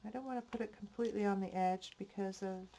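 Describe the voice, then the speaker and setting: An older woman hosting a crafting channel, talking softly and thinking aloud as she decorates a project in her home craft room. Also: mid-range voice, fairly even intonation. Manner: slow, soft-spoken, thinking aloud while working. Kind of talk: casual crafting narration.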